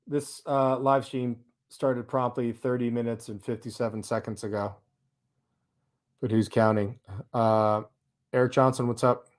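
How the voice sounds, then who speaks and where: A man runs his own live stream, chatting casually and reading viewer comments aloud. His delivery is loose and sarcastic, and he breaks into laughter along the way. His voice sits at an ordinary middle pitch.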